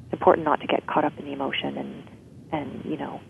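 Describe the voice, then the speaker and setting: A woman's voice: extremely low pitch, completely flat delivery, fast, gravelly, slight background noise. A woman guest explaining emotional healing in an interview, often checking in with "right?". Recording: tinny phone-like line.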